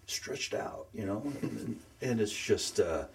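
Deep-voiced man, earnest and heartfelt. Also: slow pace, gravelly, darkish tone. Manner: earnest, emotional, searches for words. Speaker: guest sharing faith story. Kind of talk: casual conversational testimony.

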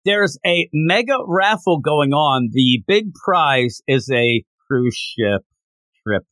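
Animated man recapping a manga. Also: on the high side, slow, no echo. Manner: animated, acts out characters' lines mid-story. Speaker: podcast co-host. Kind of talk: casual chat recapping a manga chapter.

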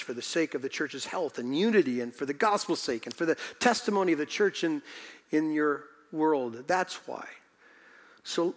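A male pastor preaching a sermon in a church, emphatic and repeating phrases for stress. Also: a little high. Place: church sanctuary. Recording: long reverb in a hall.

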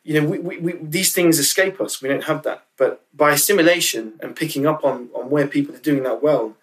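A man's voice: fairly high pitch, brisk, fairly bright tone, recorded from a distance, rough recording. A man speaking as a podcast guest, candid and emotional, often restarting and repeating words as he talks. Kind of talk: casual interview chat.

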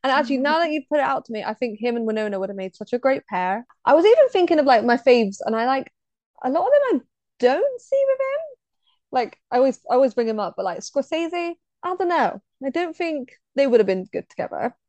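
A woman's voice: high-pitched, very animated, a little fast, darkish tone, no echo, dull audio. A woman co-hosting a podcast in casual chat, talking with gushing enthusiasm and laughing often. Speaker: podcast co-host.

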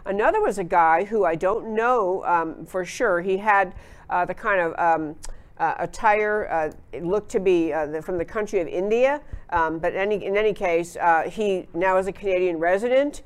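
A woman with a mid-range voice hosts a political talk show at a moderate pace. Her opinionated commentary is emphatic, with frequent fillers and restarts.

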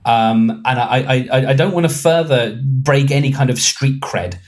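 A man's voice: medium pitch, moderate pace. A man hosting a casual podcast chat, rambling and self-mocking, with many ums and restarts. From England. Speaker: podcast host.

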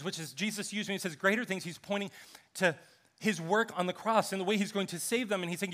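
A man's voice: sits high, fast. A man preaching a sermon as a pastor, talking conversationally and acting out the people in the story. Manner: conversational, animated, acts out scripture characters.

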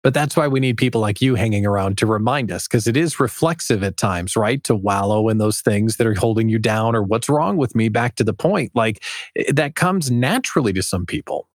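A man's voice: lowish voice, expressive, fairly quick, no room sound, studio quality. A man hosting a business podcast, talking in a conversational way and leading with questions. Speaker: podcast host. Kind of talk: podcast interview.

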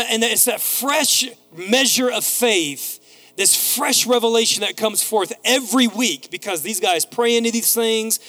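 A man in his thirties preaching a sermon as pastor, telling animated stories and acting out voices. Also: high voice.

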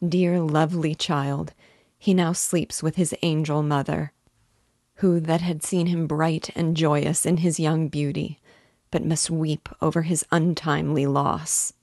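Brief: woman reading a gentle grieving young friend, low and dry, tender. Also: flat delivery, a little slow, no echo. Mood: mournful.

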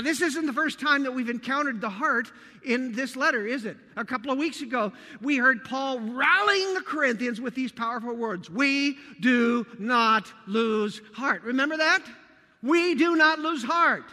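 High-voiced pastor preaching in a reverberant church. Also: male voice, sharp tone. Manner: earnest, emphatic preaching with rhetorical questions. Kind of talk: sermon. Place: church sanctuary.

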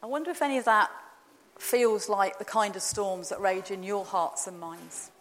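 A woman giving a measured, gentle, reflective sermon in a church. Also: medium pitch, lively intonation. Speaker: preacher. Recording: long reverb of a large hall.

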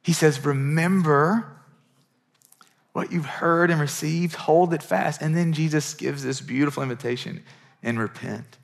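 A man's voice: a little high, steady tone, normal speed, gravelly. A middle-aged male pastor preaching a sermon in a conversational, earnest way, often repeating words as he builds a point.

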